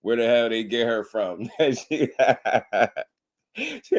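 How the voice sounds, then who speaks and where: A man giving casual boxing commentary on a live stream, slangy and animated, laughing often. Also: medium pitch, drawn-out words.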